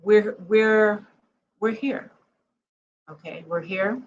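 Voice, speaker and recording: A woman's voice: mid-range voice, very slow, dull audio. A woman talking in a casual vlog monologue. She is emphatic, speaks straight to her viewers, keeps asking "okay?", and laughs easily. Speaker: spiritual vlogger.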